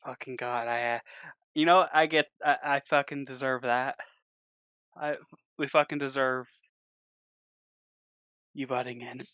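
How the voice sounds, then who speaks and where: A man at a tabletop game, chatting casually and rambling between rules questions. His voice is smooth and resonant. The recording is dry and close. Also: medium pitch, fairly even intonation, measured pace, long pauses, pushed and bright, no echo. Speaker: player.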